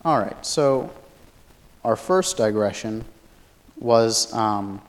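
Male Bible teacher, lowish voice, thoughtful lecturer who hesitates as he explains. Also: animated, takes it slowly. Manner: thoughtful, many fillers and restarts, explanatory.

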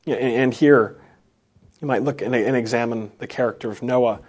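A man preaching an unscripted sermon, halting often and restarting phrases, then rising for emphasis. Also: mid-range voice, darkish tone.

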